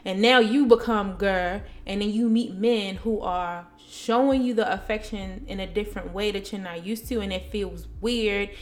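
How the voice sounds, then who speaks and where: A woman's voice: medium pitch, normal speed, hardly any pauses. Brief: young woman co-host, casual storytime chat, blunt and profane, plain mid-range voice. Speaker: podcast co-host.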